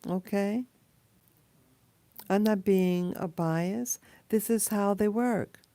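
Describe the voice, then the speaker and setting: A woman talking casually in a rambling monologue, pausing often with fillers and restarts. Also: mid-range voice, mellow, no room sound. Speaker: video blogger.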